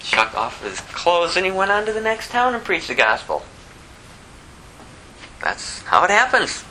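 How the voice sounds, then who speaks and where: A man preaching a verse-by-verse sermon, telling the story animatedly and swinging from loud to hushed. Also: sits high, huge pitch swings, a little slow, slight background noise, poor audio. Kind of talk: expository sermon.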